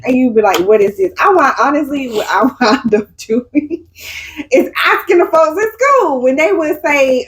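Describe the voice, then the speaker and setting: A woman co-hosts a casual podcast chat, speaking in a high voice at a moderate pace. She tells animated stories, acts out the quotes, and laughs often. The recording is rough, with slight background noise.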